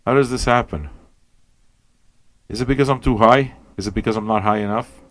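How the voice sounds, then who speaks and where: A man hosting a radio show, rambling and swearing as he questions everything aloud, tired and high. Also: a little fast. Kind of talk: casual rambling talk to listeners.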